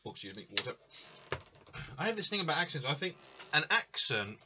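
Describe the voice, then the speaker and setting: A man's voice: on the high side, big pitch swings, brisk, heavy background noise. A man hosting a drawing livestream in casual chat, greeting viewers by name and murmuring as he reads out requests. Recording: dull lo-fi stream audio.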